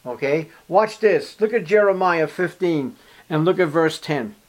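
High-voiced male preacher. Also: animated, unhurried. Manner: emphatic, addresses listeners directly. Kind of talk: sermon.

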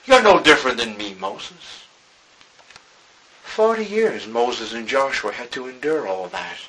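A man's voice: medium pitch, animated, unhurried, pushed and bright, slight background noise, rough recording. A male pastor preaching a sermon, reading scripture and acting out its dialogue dramatically.

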